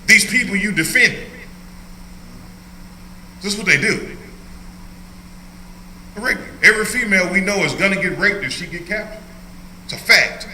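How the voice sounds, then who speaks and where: A man's voice: high-pitched, bright, forceful tone, reverberant, slight background noise, poor audio. An older man leading an informal Bible study as a pastor, joking and laughing often as he teaches. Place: church hall.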